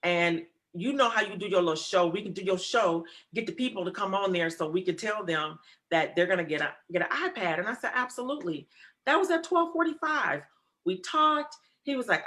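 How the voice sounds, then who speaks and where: Bright-voiced woman hosting a video call. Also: fairly low pitch, expressive, a little fast. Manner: tearful, fighting to hold back crying. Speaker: interview host. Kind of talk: emotional conversation on a video call.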